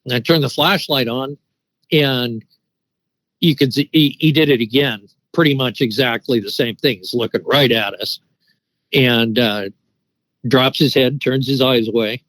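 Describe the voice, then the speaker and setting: A man's voice: mid-range voice, a little slow, a bit bright, no echo, low-quality recording. A middle-aged man telling a long story in a casual, rambling way, full of restarts and fillers. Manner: rambling, with many restarts and "you know" fillers. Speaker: guest telling an encounter story.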